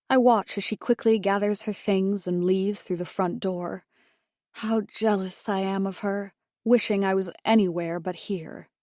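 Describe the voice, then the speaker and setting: A woman reading a suspense novel aloud in first person, measured and introspective. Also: mid-range voice, darkish tone, no echo, studio quality. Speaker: audiobook narrator. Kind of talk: first-person audiobook narration.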